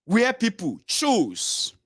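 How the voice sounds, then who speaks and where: A man's voice: high voice, extremely slow, slightly rough, no echo, clean studio sound. A Nigerian-accented man ranting through political commentary for his vlog, mixing pidgin into his English. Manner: animated, mixes pidgin into English.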